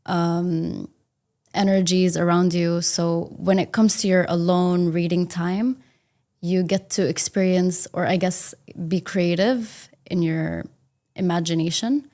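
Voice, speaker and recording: A woman's voice: fairly low pitch, dark tone. A woman from India, a test candidate, answering speaking-exam questions thoughtfully with occasional fillers. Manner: thoughtful, with fillers like um and you know.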